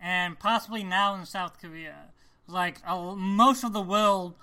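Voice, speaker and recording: A man's voice: sits high, unhurried, pushed and bright. A man in a casual podcast chat who laughs often while talking baseball.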